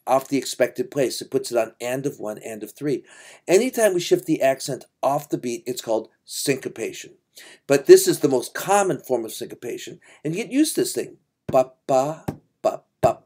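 A middle-aged man teaching music theory in a relaxed, chatty lecture, singing rhythms aloud. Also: medium pitch. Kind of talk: informal lecture.

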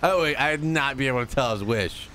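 A man co-hosting a stream, chatting excitedly with casual swearing. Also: mid-range voice, fast talker, a little hiss or hum. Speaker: streamer co-host.

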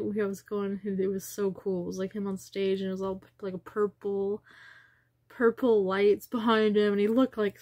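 In her rambling personal vlog, a woman wanders from idea to idea, occasionally sinking into a whisper. She speaks at medium pitch with vocal fry and a warm tone, recorded without echo.

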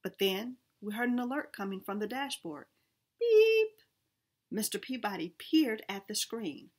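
A woman reading a children's storybook aloud in first person, expressive, with small restarts. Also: medium pitch, moderate pace.

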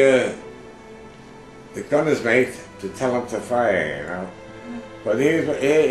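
An older man tells his memories in a loose, rambling way, stopping for fillers and throwing in the orders he heard. His voice sits at a middle pitch. The room has a noticeable echo, and faint music plays underneath. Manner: rambling, many fillers, acts out shouted orders. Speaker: interviewee, war veteran. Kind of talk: casual oral history storytelling.

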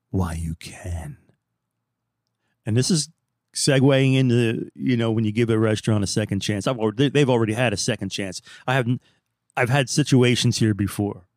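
A male podcast host recounts an everyday story in a lively, casual way. He acts out the other people and breaks into laughs often. His voice sits in a middle range, recorded dry and close to the mic. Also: mid-range voice, dry recording.

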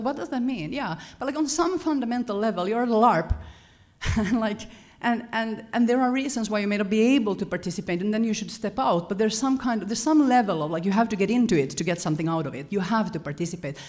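A woman giving a lecture-style talk to an audience, animated and often correcting herself mid-sentence. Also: on the high side, quick pace. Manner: animated, self-correcting, chuckles between points. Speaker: conference speaker.

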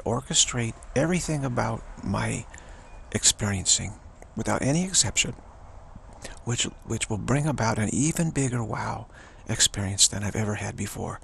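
A man giving an earnest spiritual pep talk as a teacher, halting and repeating himself as he goes. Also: lowish voice, vocal fry, fairly bright tone, slight background noise. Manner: earnest, repetitive, halting with restarts.

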